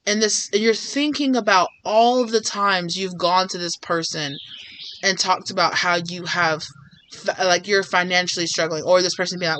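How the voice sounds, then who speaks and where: Woman tarot reader, chatty and rambling, bright tone, slips into little acted-out dialogues. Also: fairly low pitch, normal speed. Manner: rambling, filler-heavy, acts out imagined dialogue. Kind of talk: casual tarot reading to viewers.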